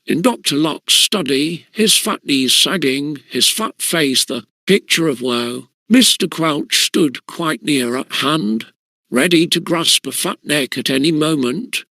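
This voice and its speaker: A man narrating an audiobook in a measured storytelling manner. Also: a little high, expressive, gravelly, bright, forceful tone, dry recording. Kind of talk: scripted narration.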